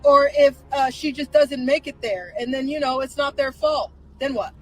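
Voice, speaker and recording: A woman's voice: sits high, moderate pace, soft background music, low-quality recording. A woman hosting a live stream, commenting casually with incredulous rhetorical questions and frequent laughter.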